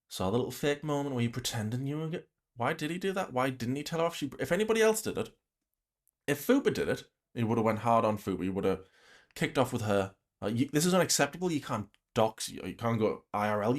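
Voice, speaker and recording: A man reacting to a livestream, talking bluntly with an exasperated, ranting manner. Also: medium pitch. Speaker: reaction commentator.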